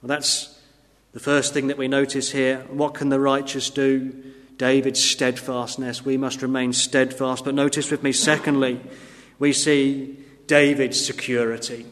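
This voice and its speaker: A man's voice: medium pitch, flat delivery, measured pace, fairly bright tone. Man preaching in an echoing church. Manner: earnest, emphatic preaching with sudden rises and drops in volume. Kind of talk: sermon. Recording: long reverb of a church hall.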